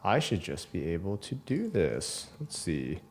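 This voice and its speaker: Easygoing man with a lively voice. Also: low-pitched, slight background noise. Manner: easygoing, teasing, quick short replies. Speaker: co-host of a live coding stream. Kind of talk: casual technical chat.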